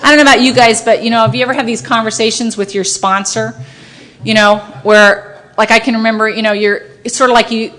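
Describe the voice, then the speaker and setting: A woman's voice: a little high, steady tone, quick pace, fairly bright tone. A woman lawyer sharing her personal recovery story with an audience, self-mocking and often laughing at her own story. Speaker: speaker at a recovery meeting.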